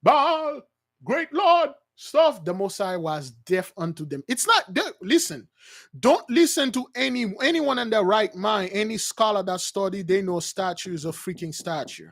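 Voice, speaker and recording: A man's voice: high voice, expressive, moderate pace, a bit bright, dry recording, studio quality. A man preaching with passion, acting out quoted voices, with many fillers and restarts. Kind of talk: impassioned religious teaching.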